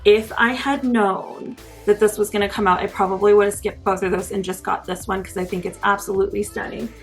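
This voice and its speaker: A woman's voice: mid-range voice, little pitch movement, a little fast, faint music behind. A young woman beauty vlogger giving a casual, gushing makeup review, full of enthusiasm.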